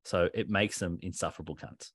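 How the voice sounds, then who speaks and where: Sweary low-voiced man chatting. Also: a little fast, slightly rough, no room sound. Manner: animated, sweary, laughs often. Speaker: podcast co-host. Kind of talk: casual chat.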